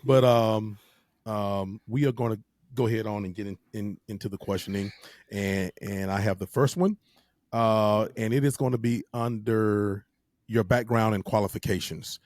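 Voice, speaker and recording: A man's voice: on the low side, fairly even intonation, moderate pace, darkish tone, no room sound, studio quality. A man with a Southern US accent co-hosting an interview show in a loose, jokey way, sometimes tripping over his words. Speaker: co-host.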